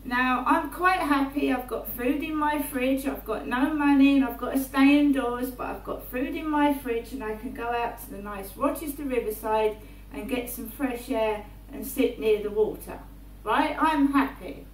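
A woman, rambling through a personal monologue in her flat and often checking in with "right?". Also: high voice, moderate pace. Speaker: vlogger. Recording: roomy, distant mic, faint hum.

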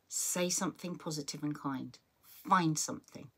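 A woman's voice: deep voice, a little fast, slightly rough. A middle-aged woman hosting a live chat, reading out viewer messages and giving earnest, encouraging advice with many restarts. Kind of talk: heartfelt live-stream chat.

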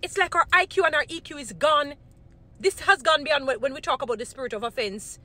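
A woman with a high-pitched, bright voice speaks briskly and forcefully. In a casual vlog she offers Christian commentary, earnest at first and growing indignant, repeating her points for emphasis.

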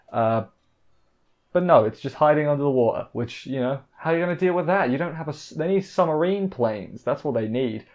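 A man's voice: on the high side, darkish tone, highs cut off. A man giving a rambling, casual anime episode recap on a live stream, full of jokey asides. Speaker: anime reviewer.

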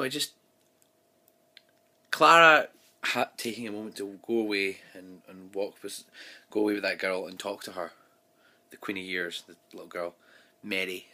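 A man's voice: sits low, sharp tone. A man giving a casual, rambling vlog review of a TV episode, recorded on his phone, full of fillers and restarts.

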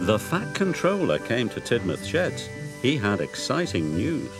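A man narrating a children's story in an animated storyteller's manner, over music. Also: mid-range voice, measured pace. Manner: animated, storyteller's sing-song.

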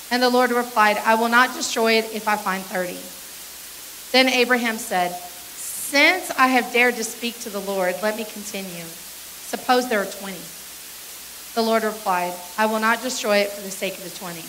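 A woman's voice: fairly high pitch, pushed and bright, a little hiss or hum, low-quality recording. A woman pastor reading a scripture passage aloud during a sermon, with short asides to the congregation.

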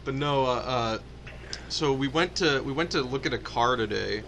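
A man's voice: medium pitch, moderate pace, creaky, very noisy. Rambling young man telling a story. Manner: rambling, lots of restarts and fillers while telling a story. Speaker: let's play co-host. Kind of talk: casual storytelling chat.

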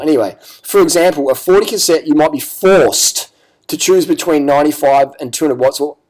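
A man's voice: on the high side, brisk, darkish tone. A man giving ranting vlog commentary, profane, sarcastic and combative. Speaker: cycling vlogger.

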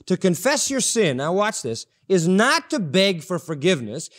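High-voiced emphatic male preacher. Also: sing-song, moderate pace, hardly any pauses, a bit bright. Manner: emphatic preaching, repeats key phrases for stress. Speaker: pastor. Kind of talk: sermon. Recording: audio-only sermon recording.

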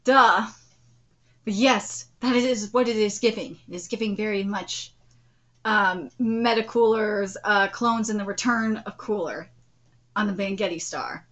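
Bright-voiced, excitable woman streamer. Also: medium pitch, measured pace, lo-fi sound. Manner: excitable, profane, gushing fan. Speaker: manga reaction streamer. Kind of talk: live reaction stream, casual chat.

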